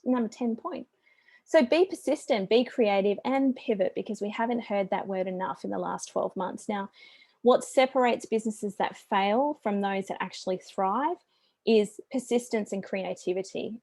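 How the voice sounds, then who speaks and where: A woman's voice: medium pitch, darkish tone, no echo. A middle-aged Australian woman giving a business presentation as a small business coach, chatty and upbeat with friendly asides.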